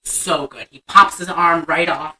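A woman's voice: low voice, fairly even intonation, unhurried, bright, forceful tone, distant mic, rough recording. A young woman co-hosting a casual chat, animatedly retelling a movie scene and acting out the lines. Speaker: podcast co-host.

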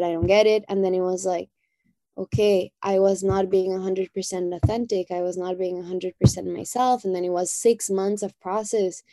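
A woman's voice: medium pitch, mellow, no room sound. A woman talking as a podcast guest, reflective and heartfelt, often adding "you know". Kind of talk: reflective conversation.

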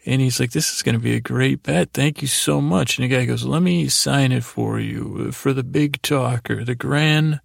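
A man's voice: mid-range voice, moderate pace, vocal fry, few pauses, no room sound, studio quality. A man hosting a sleep podcast, loosely retelling TV scenes in a meandering bedtime ramble.

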